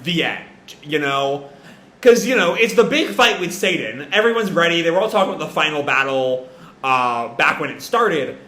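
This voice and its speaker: A man's voice: a little high, sharp tone. A man hosting a live manga reaction, thinking aloud with hedges and restarts. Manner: rambling, hedging, self-correcting. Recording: echoey room.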